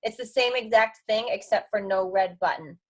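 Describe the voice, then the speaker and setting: A woman on a team video call, helpfully explaining in a quick, animated way. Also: mid-range voice.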